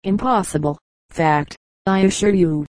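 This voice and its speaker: A woman reading an old humorous magazine piece aloud as an audiobook, in an even, unhurried manner. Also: on the low side, dry recording, poor audio. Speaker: audiobook reader.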